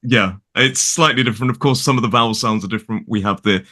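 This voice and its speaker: A talkative man with a mild Derbyshire accent rambles cheerfully through a casual chat. His voice is bright and forward, and he speaks over a video call. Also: mid-range voice, quick pace. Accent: mild Derbyshire English. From Derbyshire, England. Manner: chatty, rambling, animated. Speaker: guest English teacher. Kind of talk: casual conversation.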